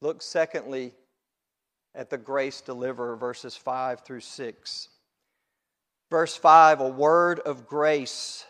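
A man preaching a sermon to his congregation, building to loud emphatic peaks and then dropping low. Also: fairly even intonation, slow pace. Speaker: pastor.

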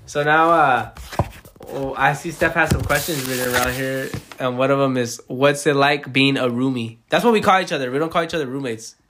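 A man's voice: medium pitch, fairly bright tone, a little hiss or hum. A congested man rambling in casual, profane chat as a podcast co-host.

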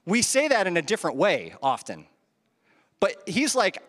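A man's voice: high-pitched, wildly swooping pitch, normal speed, fairly bright tone. A man preaching a sermon into a handheld microphone, conversational, with rhetorical questions and chuckles at his own asides. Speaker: pastor. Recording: reverberant hall.

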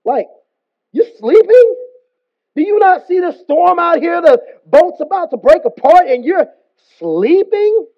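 A man's voice: extremely high pitch, very animated, unhurried, vocal fry, dull audio, voice pushed up, exaggerated voice. A male preacher voicing an exasperated ship captain who cannot believe a man is sleeping through a storm, using casual slang. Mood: incredulous. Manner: incredulous, slangy.

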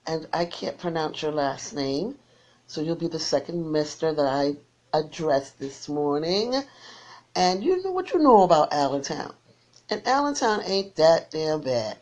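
Slow-talking low-voiced woman radio host. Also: darkish tone. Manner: folksy, repeats sign-off phrases, blunt. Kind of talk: casual radio chat with callers.

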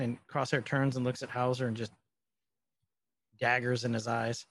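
Animated man recapping a show. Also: mid-range voice, moderate pace, pauses often. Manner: animated, quotes characters. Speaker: podcast co-host. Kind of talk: casual recap chat.

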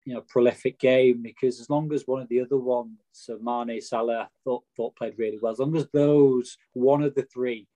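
A man's voice: mid-range voice, fairly even intonation, normal speed, hardly any pauses, warm tone. Wry, opinionated man talking football. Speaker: podcast co-host. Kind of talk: casual football chat.

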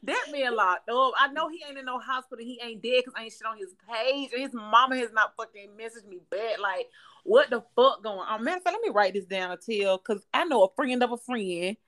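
High-voiced brash woman podcaster. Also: a little fast. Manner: loud, profane, laughing, animated storytelling. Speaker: podcast co-host. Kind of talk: casual chat.

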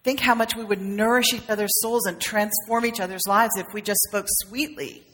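A woman's voice: medium pitch, fairly even intonation, moderate pace, a bit bright. A woman minister giving a conversational, humorous sermon, with playful acted asides. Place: church sanctuary. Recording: long reverb of a sanctuary.

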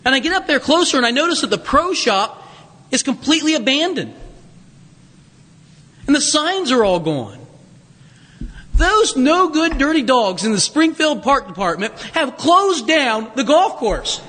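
A man preaching a sermon, telling stories with humor and asides in an animated way. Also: very high-pitched, moderate pace, in a large hall. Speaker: pastor.

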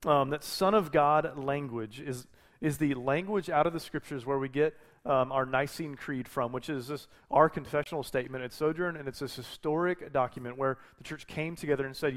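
A man's voice: mid-range voice, moderate pace. A man preaching a sermon as a pastor, talking in a conversational way with frequent restarts and self-corrections.

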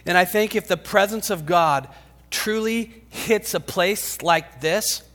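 A high-pitched man delivers a sermon, swinging dramatically between shouts and hushed whispers. His voice rings with a long reverb in a large church hall. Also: takes it slowly. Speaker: pastor.

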